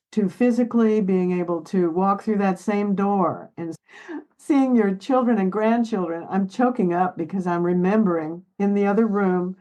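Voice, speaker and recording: A woman's voice: mid-range voice, a little mellow, low-quality recording. A woman in her seventies, a therapist, speaking earnestly and with feeling in an interview, sometimes choking up and laughing. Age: 70s. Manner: earnest, emotional, laughs while telling family stories. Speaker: therapist guest. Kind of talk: reflective interview talk.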